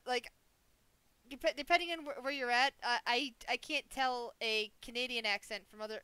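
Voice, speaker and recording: An American woman chatting casually at a tabletop game. Her voice is bright and smooth, a little high. She rambles and restarts. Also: rough recording.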